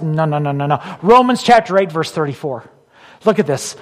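Here the pastor's voice is fairly high and animated, moving fairly quickly, and a long reverb tail follows it. He preaches emphatically, repeating central phrases and swinging from loud pronouncements to whispered, intimate moments.

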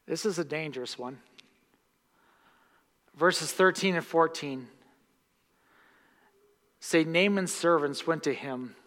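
Male pastor, sermon delivery, bright forceful tone, slightly high voice, long church-hall reverb. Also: slow, long pauses. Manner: impassioned, swings from hushed to loud. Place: church sanctuary.

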